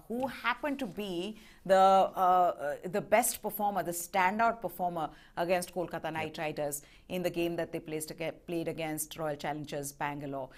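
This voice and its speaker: A woman co-hosts a live fantasy cricket show from a studio. She talks in a conversational, lively way and keeps the segment moving. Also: fairly low pitch. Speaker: co-host.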